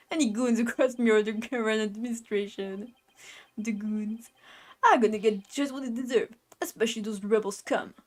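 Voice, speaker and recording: A gruff male strongman with a put-on Brooklyn accent, as a woman puts him on for a game. He barks threats in a gangster drawl and ends his lines with "see?". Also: a little high, a little mellow, lightly acted. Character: blustering middle-aged male tough-guy minister.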